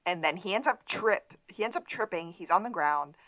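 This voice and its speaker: A woman's voice: lowish voice, animated, normal speed, fairly bright tone, no echo. A woman co-hosting a podcast, summarizing a TV episode's plot in casual chat with easy fillers. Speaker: podcast co-host.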